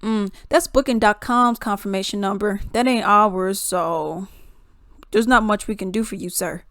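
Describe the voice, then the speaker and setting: A curt female rental car clerk brushes off a customer in a flat, dismissive tone, as a woman puts her on. The voice sits mid-pitch, and the recording is close and dry. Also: normal speed, no echo, natural voice.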